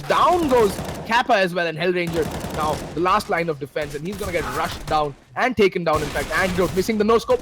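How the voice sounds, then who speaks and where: A man with an Indian English accent casting a shooter match live, excitable, his pitch leaping at big plays. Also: noisy background. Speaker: esports caster. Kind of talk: play-by-play commentary.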